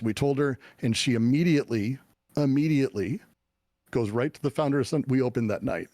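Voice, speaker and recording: A middle-aged man telling his life story as an interview guest, animated and swearing, with many fillers and restarts. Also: medium pitch, brisk, no echo, clean studio sound. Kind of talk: casual storytelling.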